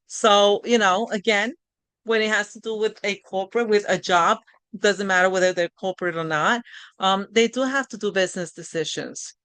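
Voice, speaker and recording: This is a live online workshop hosted by a middle-aged woman whose medium-pitched voice is smooth and a bit bright, at normal speed and free of echo. She coaches in a warm, conversational, encouraging style with frequent restarts.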